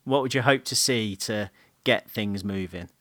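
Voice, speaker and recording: A man's voice: on the low side, moderate pace, fairly bright tone, no room sound. A man co-hosting a podcast in casual chat, telling playful, giggly stories. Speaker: podcast co-host.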